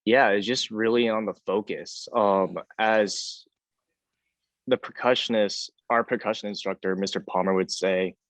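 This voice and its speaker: A young man in his late teens, a high school student band leader, speaking hesitantly on an online panel, losing his train of thought and getting emotional. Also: steady tone, a little slow, no room sound. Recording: dull, dry lo-fi audio.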